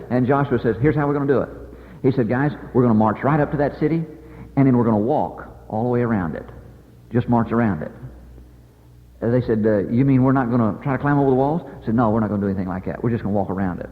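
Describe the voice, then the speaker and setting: Fast-talking preacher in a hall. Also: male voice, mid-range voice. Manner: animated, acts out characters with many "uh" and "boy" fillers. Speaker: evangelist preacher. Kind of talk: folksy sermon storytelling. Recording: tinny phone-like sound in a large reverberant hall.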